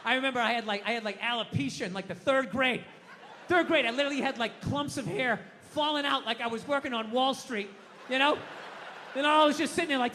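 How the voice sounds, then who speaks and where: A man doing a stand-up comedy set, ranting loudly with heavy swearing and shouted impressions. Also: very high-pitched, a little fast, in a large hall, slight background noise. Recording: live club with audience laughter. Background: crowd laughing.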